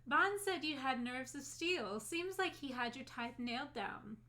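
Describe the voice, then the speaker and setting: A woman's voice: high voice, expressive, a little slow, bright, forceful tone, voice pushed up, heavily acted. A woman reading as a posh, haughty lady. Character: fancy haughty woman ghost expert. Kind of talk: reading game dialogue aloud.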